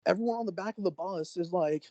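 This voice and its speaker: A young man from Oklahoma, a podcast co-host, telling a story in an animated, excitable way with sudden jumps in pitch. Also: quick pace, no room sound, lo-fi sound. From Oklahoma, USA. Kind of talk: casual storytelling.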